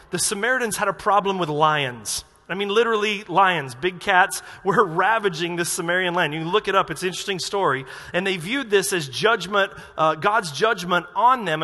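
A man preaching to his congregation with a high, bright voice. He is animated and acts out quotes with sudden loud outbursts. The sound rings with the long reverb of a church hall. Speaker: pastor. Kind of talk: sermon. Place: church auditorium.

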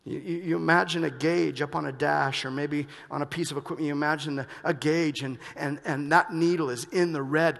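A male pastor preaching a sermon, moving between hushed reflection and loud, urgent emphasis. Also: fairly high pitch, steady tone, normal speed, gravelly, hardly any pauses. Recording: long reverb of a large hall.

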